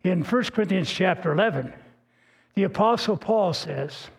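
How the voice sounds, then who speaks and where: An older male pastor preaches in a folksy, earnest manner, stopping to restart his words as he tells stories. His voice sits fairly high for a man and has a gravelly, husky grain. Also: expressive, normal speed. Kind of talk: sermon with personal storytelling.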